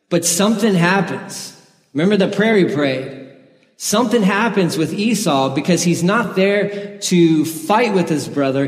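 A man preaching a sermon in an earnest, conversational way, sharing his own story with the congregation. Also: fairly high pitch. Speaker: pastor. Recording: echoey hall with long reverb.

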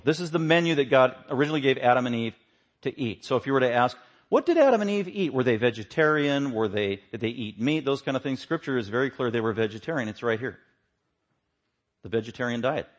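Emphatic male pastor preaching. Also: mid-range voice. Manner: emphatic, swings from loud to hushed. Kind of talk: sermon.

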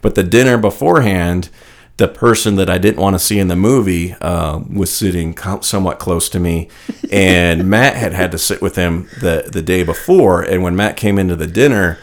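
Deep-voiced rambling man co-host. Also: moderate pace. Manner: rambling storyteller, many restarts and asides. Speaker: podcast co-host. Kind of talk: casual chat. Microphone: studio microphone.

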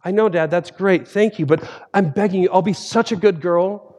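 A man's voice: sits high, moderate pace, darkish tone, voice pushed up. A man voicing his six-year-old daughter, pleading and begging her dad over and over. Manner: whiny, begging, repetitive.

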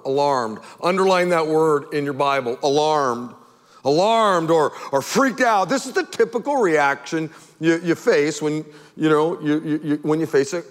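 A man preaching a sermon as pastor, animated and emphatic, firing off rhetorical questions at his congregation. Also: on the high side, long reverb tail.

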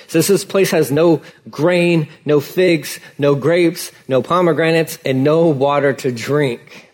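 A male pastor preaching a sermon in a casual, conversational way, acting out dialogue with lively emphasis. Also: a little high, slow pace, hardly any pauses.

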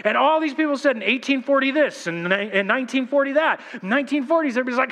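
A man's voice: very high-pitched, fast talker, hardly any pauses, in a large hall. A man preaching a sermon as pastor, telling stories animatedly and acting out voices. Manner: animated storytelling, acts out voices. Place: church sanctuary.

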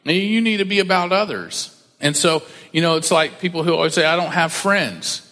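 A man with a slightly high voice preaches a relaxed, conversational sermon and slips into the voices of the people he quotes. His words ring out with a long reverb, as in a large church. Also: brisk. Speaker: pastor.

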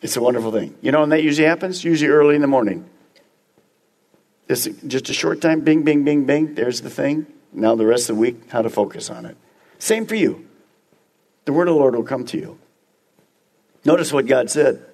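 A man's voice: mid-range voice, lively intonation, fairly quick, pauses often, a little mellow. A man preaching a sermon as pastor, emphatic and speaking straight to the congregation with repeated phrases.

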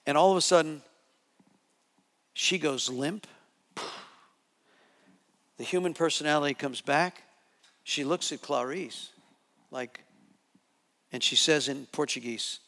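Male preacher, higher voice, animated testimony, reverberant hall sound. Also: slow pace, long pauses. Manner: animated, repetitive storytelling with restarts. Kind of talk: sermon testimony storytelling.

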